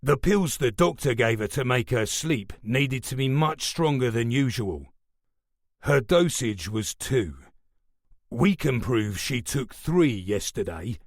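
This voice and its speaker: A man voicing a stern, menacing police superintendent who talks in a measured, remorseless way. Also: mid-range voice, expressive, dry recording, studio quality. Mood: cold.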